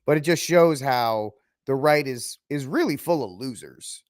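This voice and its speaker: A man's voice: mid-range voice, expressive, measured pace, no room sound. Sarcastic man ranting on his podcast, dry sound. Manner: ranting, sarcastic, mocking asides. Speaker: podcast host. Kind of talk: opinionated solo commentary.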